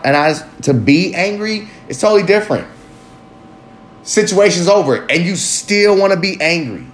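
Man talking candidly in an echoey room. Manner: candid, rambling, profane, swings up in pitch for emphasis. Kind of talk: casual personal monologue. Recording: echoey room with faint ambient noise.

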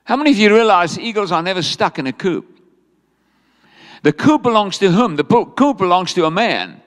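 High, lively male preacher in a hall. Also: moderate pace. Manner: animated and humorous, rhetorical questions to the congregation. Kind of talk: sermon. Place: church hall.

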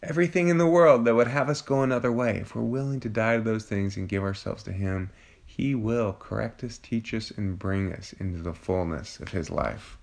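A man's voice: lowish voice, normal speed, gravelly. A man, a father of young children, teaching an informal Bible study in a conversational way, often restarting and searching for words.

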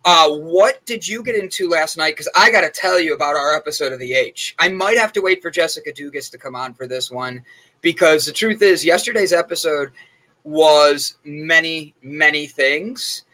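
A chatty male host tells rambling morning stories in a relaxed, casual way. His voice sits a bit high for a man and has a bright, forward edge. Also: a little fast, low-quality recording. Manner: chatty and rambling, with many fillers. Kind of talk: casual chat.

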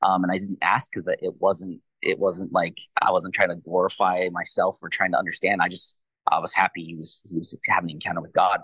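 A man in his thirties sharing a personal faith testimony in a quick, animated way, acting out both sides of a conversation. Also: low voice, breathy edge, no echo, low-quality recording. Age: 30s. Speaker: Christian leader, podcast guest.

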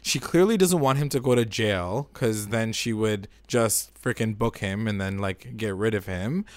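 A man's voice: lowish voice, normal speed, no room sound. A man co-hosting a casual recap chat, rambling and opinionated, filling his talk with "like". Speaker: podcast co-host.

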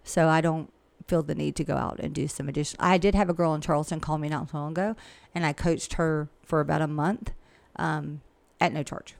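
A woman's voice: sits low, fairly even intonation, fairly quick, gravelly, hardly any pauses, no room sound. A woman who works as a real estate agent and coach, talking frankly and chattily in a casual interview. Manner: chatty and frank, with laughs and asides.

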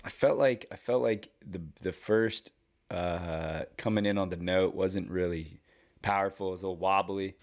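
A man's voice: sits low, fairly even intonation, moderate pace. A man co-hosting a casual podcast, hesitant and self-critical while trying a voice lesson. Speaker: co-host taking a voice lesson.

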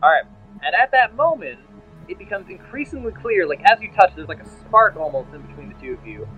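A man's voice: sits high, sing-song, brisk, breathy edge, phone-quality sound, faint music behind. A man narrating as game master of a tabletop role-playing game, telling the story with many fillers and restarts.

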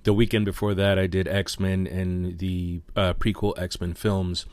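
A man's voice: low voice, level tone, unhurried, a little mellow, no room sound. A man hosting a podcast, talking casually and hesitating with fillers and self-corrections. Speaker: podcast host.

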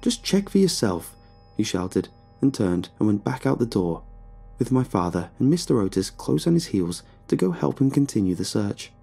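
Husky guy reading a creepy story, dramatic and swooping, soft music under it. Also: on the low side, expressive, normal speed. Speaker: horror story narrator. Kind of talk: scripted horror narration.

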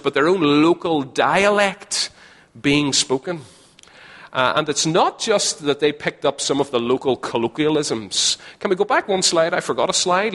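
A man's voice: a little high, a bit bright. A man with a Northern Irish accent preaching a sermon to a live audience, chatty and joking, often repeating his phrases. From Northern Ireland. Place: large hall with a live audience. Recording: long hall reverb.

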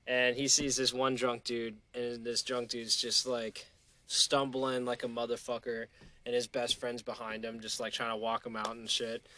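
A man hosting a podcast, telling a story in a casual, profane, animated way. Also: medium pitch, normal speed. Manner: profane, animated storyteller who acts out quotes. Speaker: podcast host.

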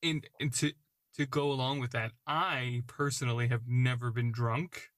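A man's voice: medium pitch, fairly even intonation, normal speed, fairly bright tone, no echo, clean studio sound. A man who is the game master, chatting on a podcast, agreeable and laughing often. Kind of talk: casual podcast chat.

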